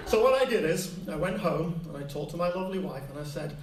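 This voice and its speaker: A man telling a personal story to a live audience, animated and acting out what people said. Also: fairly high pitch, fast, hardly any pauses. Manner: animated, acts out quoted voices. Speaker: storyteller on stage. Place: stage before a live audience. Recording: echoey hall, distant mic, faint hiss.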